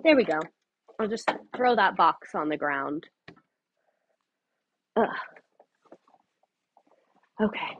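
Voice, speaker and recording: A woman's voice: on the low side, animated, slow, long pauses, muffled recording. A young woman streaming a casual history lesson from home, chatty and profane, going off on tangents and talking into wireless earbuds.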